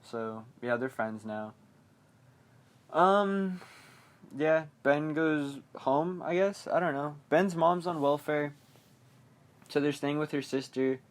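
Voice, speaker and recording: A young man rambling through a film recap on his podcast. He talks loosely, with lots of fillers, and keeps slipping into quick mock quotes of the characters. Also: medium pitch. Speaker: podcast host.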